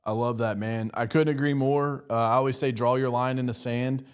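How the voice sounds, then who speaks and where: A man's voice: medium pitch, little pitch movement, normal speed, clear, resonant tone. A man hosting a podcast as a business coach, chatty and agreeable, often laughing and mimicking voices. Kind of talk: casual podcast conversation.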